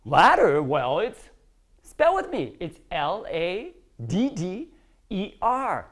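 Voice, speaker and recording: A woman teaches English to a class, speaking slowly in a lowish voice. She's animated and emphatic, acting out little dialogues with plenty of stress.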